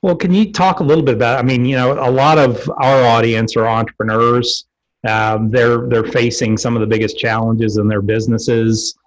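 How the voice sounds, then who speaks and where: A man's voice: medium pitch, fairly even intonation, moderate pace, muffled recording. A man hosting a podcast who asks a guest questions in a casual, hedging way, with many "you know"s. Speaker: podcast host. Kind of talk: interview questions.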